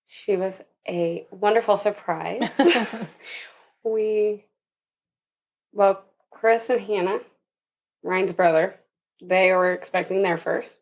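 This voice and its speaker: A woman's voice: mid-range voice, slow pace, creaky, long pauses. Young woman telling a story with laughter. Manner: laughs often while telling the story, acts out quoted voices. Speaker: podcast guest. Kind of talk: storytelling in a casual interview.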